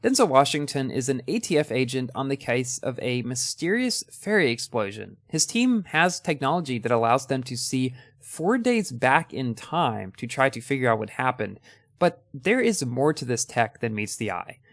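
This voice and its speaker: A man's voice: mid-range voice, big pitch swings, moderate pace, no echo, clean studio sound. A young man hosting a casual ranking of his favorite movies, talking with enthusiasm and a few ums and restarts.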